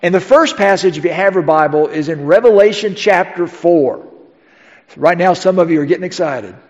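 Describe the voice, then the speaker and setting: A middle-aged pastor preaches in an easy, conversational way and keeps asking rhetorical questions of his congregation. His voice sits fairly high for a man. It carries through a church sanctuary with a long tail of reverb, captured on a dull, muffled recording. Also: normal speed. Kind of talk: sermon.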